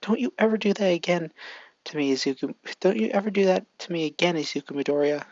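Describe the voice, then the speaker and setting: A worried teenage girl who scolds through her tears, pitched high above the narrator's own voice, as the storyteller puts her on. The recording is dry and dull, and the voice has a gravelly edge. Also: fast, darkish tone, no room sound, natural voice. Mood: tearful scolding. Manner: tearful, scolding.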